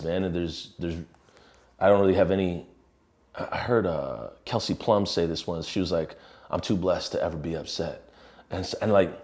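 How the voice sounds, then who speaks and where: Man, songwriter type, lowish voice; loose, rambling, relaxed delivery. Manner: rambling and relaxed, with many restarts; swears casually. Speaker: musician and songwriter. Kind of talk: casual talk about a song in progress.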